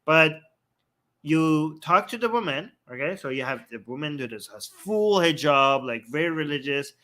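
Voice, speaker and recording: A man from Iran, co-hosting a casual live-stream chat and telling stories with animated acted-out quotes. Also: on the high side, normal speed. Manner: animated storytelling, laughs often, acts out quoted voices. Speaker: co-host.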